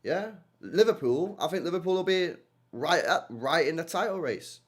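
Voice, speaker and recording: Animated young man. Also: on the high side, normal speed. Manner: animated, slangy, repeats himself with many tag questions. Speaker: streamer hosting a football watchalong. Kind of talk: casual livestream chat, reading and answering viewer comments.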